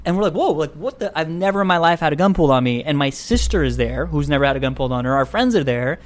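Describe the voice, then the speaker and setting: A young man, a guest filmmaker, telling a story in casual conversation, animated and laughing, acting out voices. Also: a little high, rapid-fire.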